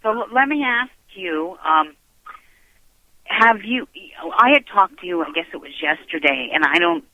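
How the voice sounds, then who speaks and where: Man, radio host, effusive and gushing, higher voice, tinny phone line, dry sound. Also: expressive, normal speed, dry recording. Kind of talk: casual interview chat.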